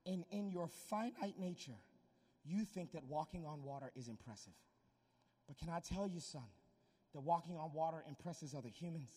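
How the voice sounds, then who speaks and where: A preacher voicing a calm, patient divine spirit. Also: male voice, fairly high pitch, slightly rough, long reverb tail, voice pushed down. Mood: patient teaching. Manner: quiet, measured, explaining.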